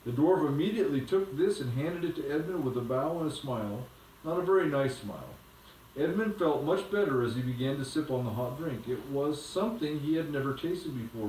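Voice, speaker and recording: A man reading a children's book aloud to a child, gentle and unhurried. His voice sits a touch high for a man, picked up from a distance in a reverberant room. A faint hum lies underneath.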